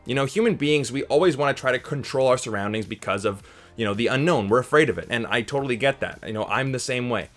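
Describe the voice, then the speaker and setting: A man's voice: medium pitch, quick pace, a bit bright, faint music behind. A young man hosting a casual movie review to camera, upbeat and chatty, often tossing in "right?" as he talks.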